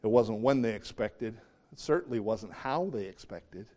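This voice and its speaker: Animated man preaching a sermon. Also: lowish voice, normal speed. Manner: animated, swings from hushed to loud, acts out quotes.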